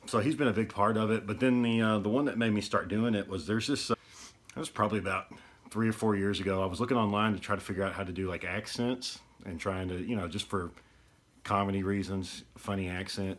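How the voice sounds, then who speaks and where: Deep-voiced, rambling man. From East Texas. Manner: rambling and easygoing. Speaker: podcast host. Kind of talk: casual solo video podcast talk.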